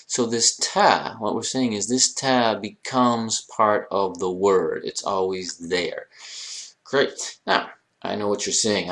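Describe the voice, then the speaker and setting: Male instructor, lowish voice, playful lecturing, addresses the class, bursts of rising emphasis. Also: slow pace. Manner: jokey, addresses students directly, animated emphasis. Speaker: Arabic language instructor.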